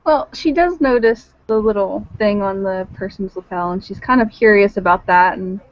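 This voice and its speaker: A woman's voice: mid-range voice, normal speed, dry recording, highs cut off. A woman playing a tabletop game, describing her character's actions in a giggly, hesitant way. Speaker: player.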